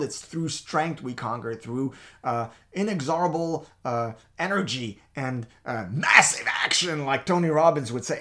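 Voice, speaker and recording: Male co-host of a faith talk show. Animated and emphatic, with frequent restarts. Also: a little high. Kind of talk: faith talk with personal stories.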